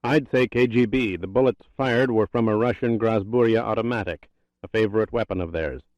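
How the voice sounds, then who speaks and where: A man's voice: fairly low pitch, fairly quick, a little mellow, dry recording, dull audio, lightly acted. A man reading an audiobook, voicing a confident, matter-of-fact intelligence director giving a briefing. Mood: assured.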